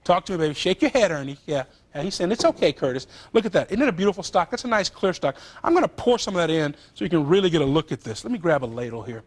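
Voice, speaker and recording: A man's voice: a little high, fast, few pauses. A man hosting a TV cooking show, chatting and joking with the crew as he demonstrates recipes in a studio kitchen. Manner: chatty, animated, jokes with crew.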